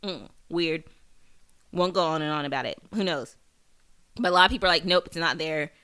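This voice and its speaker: Bright-voiced chatty woman podcaster. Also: deep voice, a little fast, clear, resonant tone. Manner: chatty, rambling, with many fillers and restarts; animated, swears for emphasis. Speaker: podcast host. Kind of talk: casual TV episode recap.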